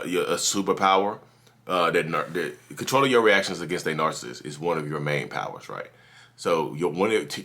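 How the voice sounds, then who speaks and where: A man talks straight to camera in a casual advice monologue, circling back over his points and often restarting his sentences. His voice sits very low yet has a bright, forceful edge. He turns animated when he acts out what other people say. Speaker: YouTube channel host.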